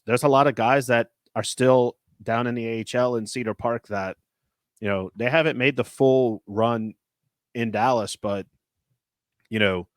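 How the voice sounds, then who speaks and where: Animated rambling man in dry sports chat. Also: fairly low pitch, no echo. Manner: animated, rambling, heavy use of filler words. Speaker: podcast host.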